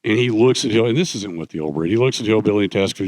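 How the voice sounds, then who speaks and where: A man's voice: lowish voice, expressive, fast talker, darkish tone, dry recording. An older man, a guest author on stage, retells stories at length, rambling with many fillers and restarts. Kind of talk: fireside chat on stage. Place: conference stage.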